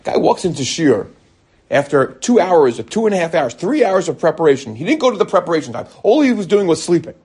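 A middle-aged man, a rabbi, giving an animated Torah lecture full of stories and bursts of emphasis. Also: fairly high pitch, a little fast, slightly rough. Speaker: rabbi teaching a Torah class.

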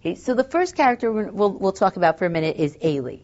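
A woman's voice: mid-range voice, big pitch swings, fast, darkish tone, lo-fi sound. A woman teaching a text study class, thinking aloud with fillers and reading Hebrew verses. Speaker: Torah teacher.

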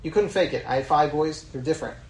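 A man's voice: on the high side, quick pace, darkish tone, echoey room, poor audio. A middle-aged man, a rabbi, giving a Torah class in a conversational storytelling manner, mixing in Hebrew terms. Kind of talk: Torah lecture with personal storytelling.

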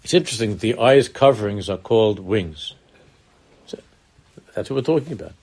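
A man's voice: on the low side, animated, fairly quick, darkish tone. Earnest man teaching Torah. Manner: earnest, repeats words, mixes Hebrew terms into English, rises in emphasis. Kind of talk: Torah lecture.

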